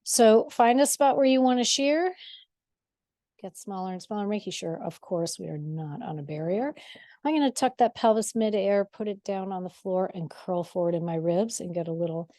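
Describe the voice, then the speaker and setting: Guiding a movement exercise class, this woman sounds warm, with a medium-pitched voice at a normal pace. She's chatty and encouraging, a little breathless, and makes self-deprecating asides along the way.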